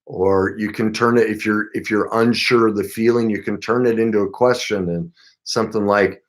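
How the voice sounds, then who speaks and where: A man's voice: fairly low pitch, steady tone, normal speed. A middle-aged man giving relationship advice as a coach, talking earnestly and with emphasis, sometimes acting out short example exchanges. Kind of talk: advice talk to camera.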